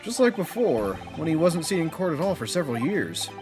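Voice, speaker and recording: A man's voice: a little high, big pitch swings, over music. A man voicing a polite, formal young woman. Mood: calm. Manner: measured and formal.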